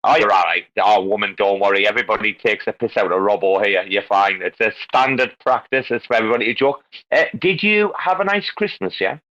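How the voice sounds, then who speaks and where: A man's voice: lowish voice, a little fast, hardly any pauses, fairly bright tone, highs cut off. A man hosting a casual live audio chat, joking and swearing, calling guests darling. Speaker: host.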